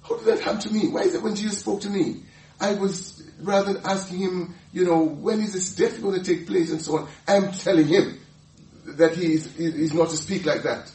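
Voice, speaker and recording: A man teaching the Bible, animated and laughing often, restarting his sentences. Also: high voice, moderate pace, roomy sound, far from the mic.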